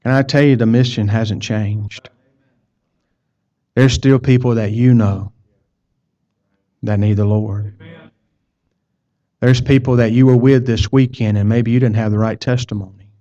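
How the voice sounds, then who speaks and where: Folksy man preaching, mellow voice. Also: mid-range voice, fairly even intonation, moderate pace, long pauses. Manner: folksy storytelling, repeats words. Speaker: pastor. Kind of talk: sermon with personal story. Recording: dull lo-fi sound.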